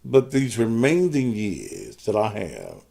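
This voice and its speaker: A man's voice: on the low side, wildly swooping pitch, takes it slowly, creaky, dark tone, breathy edge. A man hosting his own live stream, talking to commenters in a profane, combative way. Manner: profane, combative, cusses out viewers. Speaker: host of his own show.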